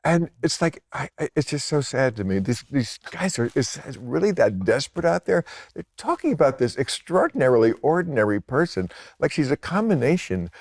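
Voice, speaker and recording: A man's voice: mid-range voice, big pitch swings, fairly quick, creaky, a little mellow. An American man in his sixties, a comedian talking as a guest in casual chat, sardonic and profane, with laughing asides.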